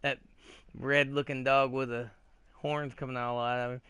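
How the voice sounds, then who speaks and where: A man hosting a gaming video, ranting in a rambling, profane, excitable way with frequent restarts while he plays. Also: medium pitch, moderate pace, clean tone, no echo. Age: adult, old enough to remember 80s cartoons. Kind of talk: casual rant while playing a game.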